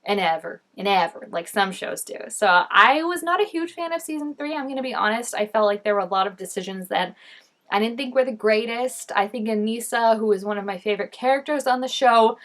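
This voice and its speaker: A woman's voice: on the high side, a little fast, fairly bright tone. A young adult woman reacting to a TV episode in a casual, chatty way. She uses lots of fillers, laughs often and makes mock-dramatic exclamations at the screen. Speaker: TV reaction vlogger.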